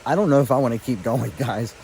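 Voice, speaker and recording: A breathless, emotional man records himself on his phone while standing in a stream. His voice is pitched in a middling range and keeps tumbling over itself. Faint water noise runs quietly behind him. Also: fast talker. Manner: excitable, breathless and overwhelmed. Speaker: fly fishing vlogger. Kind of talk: emotional outdoor vlog. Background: flowing stream.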